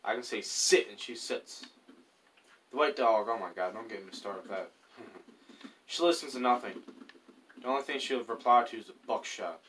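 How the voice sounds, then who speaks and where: A man's voice: mid-range voice, normal speed, pauses often, fairly bright tone. A man in a mid-range voice gives loose, chatty gameplay commentary, drifting between stories and muttered asides. He sounds a little distant from the microphone, with a faint hiss in the background. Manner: rambling, chatty, muttering to himself, hums while playing. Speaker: gaming YouTuber.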